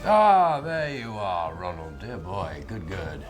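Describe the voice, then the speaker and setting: An actor playing a genteel upper-class lord who speaks in a fussy, posh way. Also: male voice, low-pitched, sing-song, slow pace, faint music behind, heavily acted. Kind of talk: film acting.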